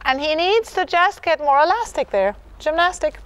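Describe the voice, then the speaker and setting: A dressage clinician with a very high, light voice coaches a rider in a live lesson, warm but focused. She speaks in animated, encouraging bursts at normal speed, saying "yes" over and over and singing out the horse's rhythm, though the audio is dull.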